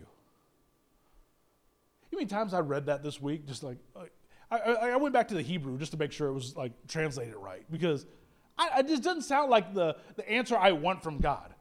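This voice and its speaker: A man preaching a sermon, animated and humorous, acting out quoted prayers and joking with the congregation. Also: high-pitched, normal speed. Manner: animated, acts out quoted prayers, self-deprecating humor, frequent laughs. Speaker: pastor.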